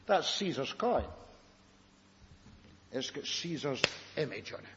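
A man's voice: medium pitch, very animated, takes it slowly, noisy background. A man preaching a sermon, telling the story dramatically and firing rhetorical questions at his listeners. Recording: echoey hall, dull lo-fi recording.

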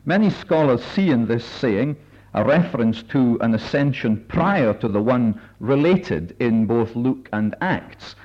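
A man leading a Bible study meeting, speaking in a careful, measured way with many filler pauses as he reads and explains passages. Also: mid-range voice, expressive, darkish tone. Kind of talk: measured sermon-style talk with readings. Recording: dull lo-fi recording.

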